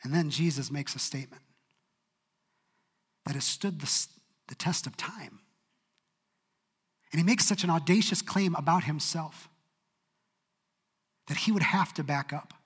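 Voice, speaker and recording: A man preaching a sermon in a church, expressive and dramatic in his delivery. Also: fairly high pitch, unhurried, pauses often, husky, long reverb tail. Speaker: pastor.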